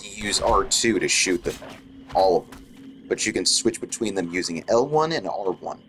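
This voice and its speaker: A man's voice: sits low, expressive, moderate pace, background noise. A man giving wry, sarcastic, nitpicky commentary while playing a video game. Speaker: gameplay commentator. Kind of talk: let's play commentary.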